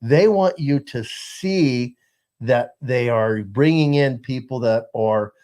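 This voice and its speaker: A man's voice: mid-range voice, takes it slowly, warm tone. A man hosting a casual political talk show, rambling with lots of fillers and restarts.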